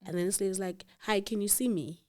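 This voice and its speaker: Woman, guest, lively storyteller who voices everyone she quotes, mid pitch. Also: brisk. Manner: animated, acts out quoted dialogue, laughs in disbelief. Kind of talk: personal storytelling.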